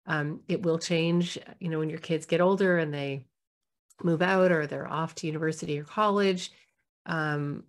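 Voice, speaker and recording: Low-voiced mother telling a story. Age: middle-aged. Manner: warm, reflective, acts out quoted voices. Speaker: parenting speaker. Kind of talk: personal storytelling talk.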